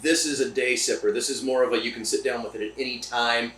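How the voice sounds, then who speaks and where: A man's voice: medium pitch, fairly even intonation, fast, fairly bright tone, a little hiss or hum. Chatty enthusiastic man in a roomy distillery. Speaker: podcast host. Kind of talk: casual chat. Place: distillery room. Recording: roomy, distant mic.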